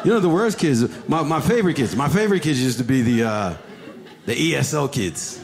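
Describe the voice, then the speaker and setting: On a comedy club stage, a man performs stand-up, telling stories and acting out characters with big jumps in pitch. He's animated and fairly quick.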